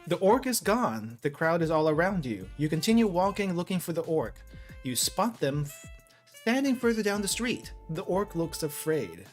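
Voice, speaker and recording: Low-voiced woman streamer from the Philippines. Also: very animated, normal speed, soft background music. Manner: laughs a lot, repeats phrases while reading and typing. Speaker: streamer host. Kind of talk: casual chat while playing a text adventure.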